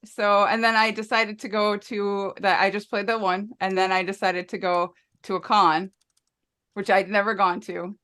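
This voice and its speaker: A woman's voice: mid-range voice, little pitch movement, moderate pace, bright, forceful tone. A woman guest in a casual podcast chat, telling stories about her old tabletop gaming days and laughing often.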